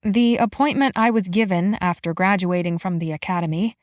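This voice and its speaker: A woman's voice: on the low side, a little fast, no room sound, clean studio sound, lightly acted. A woman narrator voicing an anxious young female academy graduate who speaks tentatively and sputters politely.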